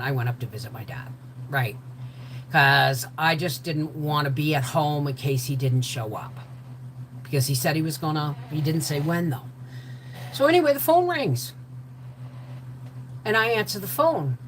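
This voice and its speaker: An older woman telling a personal story in an animated way, acting out the voices of the people in it. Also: deep voice, normal speed, long pauses, slight background noise, low-quality recording. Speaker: host.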